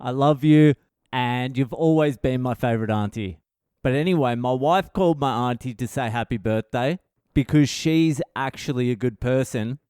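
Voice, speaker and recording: A man's voice: mid-range voice, moderate pace, darkish tone, clean tone, no echo, clean studio sound. A man hosting a comedy podcast in a casual, profane, self-mocking monologue, acting out what others said. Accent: Australian.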